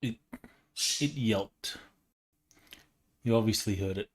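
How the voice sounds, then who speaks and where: A man's voice: lowish voice, slow pace. A man running a tabletop game as game master, explaining rules in a patient, matter-of-fact way.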